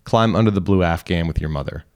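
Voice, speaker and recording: A man reading a short story aloud in calm, instructional second person. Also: low voice, fast. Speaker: reader. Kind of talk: scripted narration.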